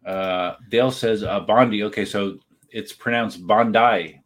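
On a casual livestream, a husky-voiced man with a lowish voice chats at an unhurried pace. Using a desk streaming setup, he reads viewer comments aloud and rambles through his answers.

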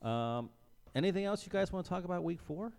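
A man hosting a casual podcast chat with friends, rambling and halting with lots of fillers. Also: high-pitched, lively intonation, vocal fry, a little mellow, clean tone. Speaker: podcast host.

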